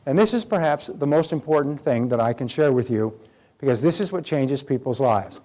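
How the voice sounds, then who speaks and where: A man's voice: mid-range voice, animated, normal speed, warm tone. Emphatic middle-aged male seminar speaker. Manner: emphatic, acts out quoted dialogue. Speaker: self-development speaker. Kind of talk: motivational seminar talk.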